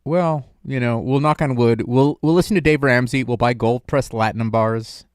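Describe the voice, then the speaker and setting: A young man hosts a call-in stream in a loose, rambling, joking manner, full of filler words. His voice sits at a middle pitch and sounds dry and close, with no room echo. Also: moderate pace, clean tone. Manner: rambling, jokey, lots of filler. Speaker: streamer host taking calls. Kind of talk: casual chat.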